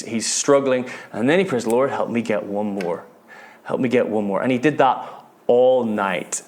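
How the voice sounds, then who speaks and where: Earnest British man preaching a sermon. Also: medium pitch. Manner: earnest, repeats words, drops to hushed tones at dramatic moments. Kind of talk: sermon storytelling.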